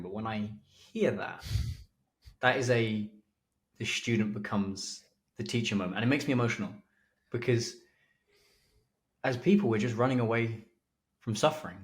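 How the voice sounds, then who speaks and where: A man hosting a mental performance coaching podcast, speaking in an earnest, motivational, measured way. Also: on the low side.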